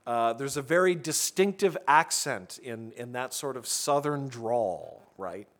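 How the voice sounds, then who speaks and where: A pastor preaching a sermon in a conversational way, often restarting phrases and adding asides to the congregation. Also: male voice, mid-range voice, lively intonation, unhurried, a bit bright.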